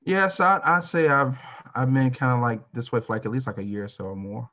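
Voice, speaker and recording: A man's voice: mid-range voice, fast talker, bright, forceful tone. A man role-playing a heavyset male client in a sales practice call, talking hesitantly with many fillers. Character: heavy adult male weight-loss prospect. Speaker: role-play prospect, sales trainee. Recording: dull lo-fi sound.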